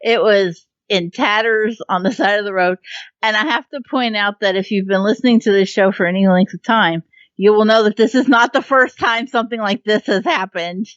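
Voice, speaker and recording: A woman's voice: mid-range voice, moderate pace, a bit bright, no echo, muffled recording. A woman co-hosting a podcast in casual chat, telling a story with lots of laughter and cursing. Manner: laughing storyteller, swears freely. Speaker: podcast co-host.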